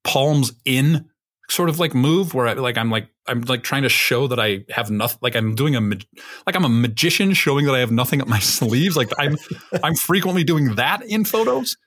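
A man's voice: mid-range voice, lively intonation, normal speed, a bit bright. A man co-hosting a podcast in casual chat, rambling and self-mocking, swearing freely. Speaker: podcast co-host.

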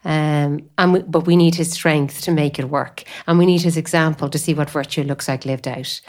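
Low-voiced woman talking faith, rambling. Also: steady tone, normal speed. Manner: rambling, full of "you know" fillers. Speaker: guest speaker on faith. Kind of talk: conversational spiritual talk.

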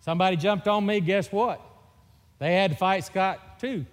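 A man's voice: high voice, moderate pace. A middle-aged man from Mississippi with a Mississippi Southern accent, preaching a sermon in a folksy, joking storytelling way. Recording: long reverb of a church hall.

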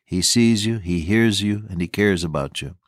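A man's voice: deep voice, moderate pace, no echo, studio quality. A man preaching a sermon in an earnest, fervent old-style manner, quoting scripture as he speaks. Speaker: radio preacher.

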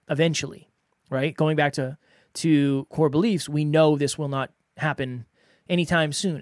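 A man's voice: on the high side, no echo, clean studio sound. A man hosting a podcast, giving earnest, conversational advice and repeating words for emphasis. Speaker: podcast host. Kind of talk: solo podcast advice talk.

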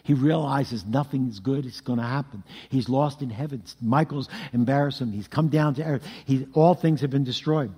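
A man preaching a sermon, telling scripture stories in an animated way with vocal sound effects. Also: mid-range voice, normal speed, hardly any pauses, breathy edge. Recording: long hall reverb.

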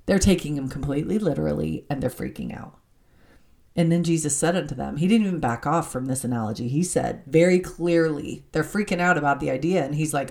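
A woman teaching from the Bible in an animated, excitable way, laughing as she reads scripture aloud. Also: low voice, brisk, vocal fry.

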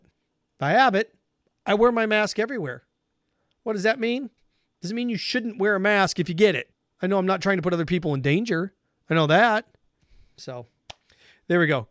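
Sarcastic, animated male talk host. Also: high voice, no room sound, studio quality. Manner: sarcastic, mocking, animated rants. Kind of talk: sports talk monologue.

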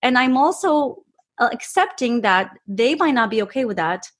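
A woman's voice: on the high side, lively intonation, moderate pace, a bit bright. A woman talking as an interview guest, earnest and enthusiastic, with frequent restarts. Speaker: guest, health provider. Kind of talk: casual interview talk.

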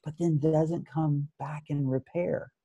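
A man's voice: a little high, fairly even intonation, takes it slowly, dark tone, husky, no echo, lo-fi sound. Thoughtful man explaining his therapy work. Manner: thoughtful, many restarts, acts out examples. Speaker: addiction therapist. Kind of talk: interview answer, explaining.

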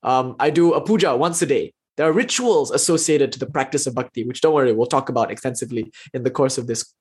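A man teaching an online lecture, reading quoted passages slowly and expressively, then explaining them in a casual way. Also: mid-range voice, darkish tone, breathy edge.

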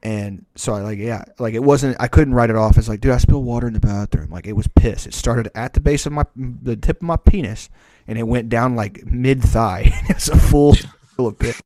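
A man's voice: mid-range voice, normal speed, few pauses, dark tone, no echo, studio quality. A young adult man telling a long, profane, rambling story in casual podcast chat. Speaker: podcast host.

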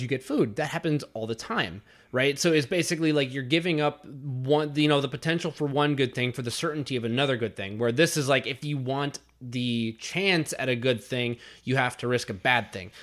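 A man's voice: medium pitch, a little fast, few pauses. A man co-hosting a podcast, talking casually and analytically about a reality competition episode, with frequent restarts. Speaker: podcast co-host. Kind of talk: casual reality-show discussion.

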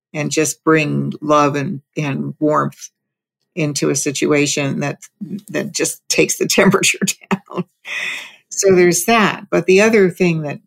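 An older woman telling a calm, reflective story about raising children, with soft laughs between her thoughts. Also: sits low, vocal fry. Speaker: speaker on parenting. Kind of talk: reflective casual talk.

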